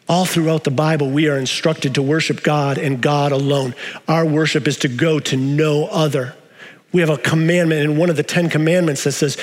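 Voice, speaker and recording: A male pastor delivering a sermon, moving between quiet low stretches and raised, emphatic questions to the congregation. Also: moderate pace. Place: church sanctuary. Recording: long reverb of a large hall.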